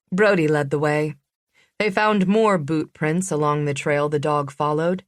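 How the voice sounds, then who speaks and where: A woman narrating a suspense audiobook in a measured, even reading. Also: low voice, dry recording, clean studio sound. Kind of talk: scripted narration.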